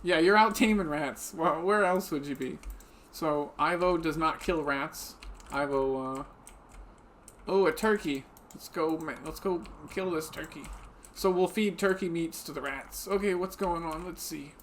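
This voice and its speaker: A man with a slightly high voice talks through a live game stream at his desk mic. He is chatty and quick to giggle, narrating moves and answering viewers. A faint patter of keyboard typing runs underneath. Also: a bit bright, a little hiss or hum. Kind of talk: casual live-stream commentary. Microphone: desk microphone.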